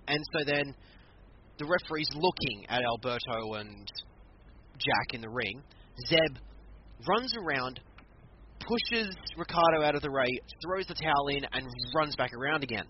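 Male podcast co-host, lively storyteller, higher voice, lo-fi noisy recording. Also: moderate pace. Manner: animated storytelling, acts out quotes. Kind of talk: casual chat recapping matches. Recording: muffled lo-fi audio with background noise.

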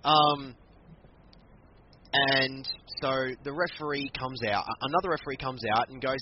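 Speaking at a normal speed in a mid-range voice, a man co-hosting a laid-back podcast recaps a wrestling match with lively storytelling and acts out people's quotes. Background noise runs under the muffled, lo-fi recording.

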